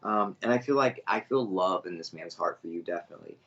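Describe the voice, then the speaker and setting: A man's voice: deep voice, fast talker, a bit bright, dull audio. A man giving a live online psychic reading, earnest and chatty as he speaks straight to viewers. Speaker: psychic medium reader.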